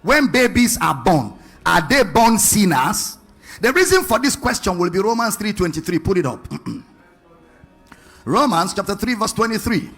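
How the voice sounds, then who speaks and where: A man's voice: sits high, big pitch swings, measured pace, vocal fry, fairly bright tone, faint music behind. A man preaching a sermon to a congregation, firing rhetorical questions and asking them to read along.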